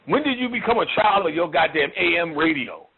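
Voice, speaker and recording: A man lectures on occult and spiritual topics in a blunt, mocking style packed with profanity and street slang. His husky voice is fairly high, animated, and fairly quick. The audio sounds tinny, like a phone line, with faint noise.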